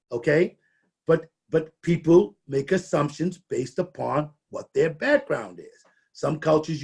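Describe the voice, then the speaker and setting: A man's voice: a little high, darkish tone, breathy edge. A middle-aged man giving a conversational training presentation, often restarting and repeating words as he talks.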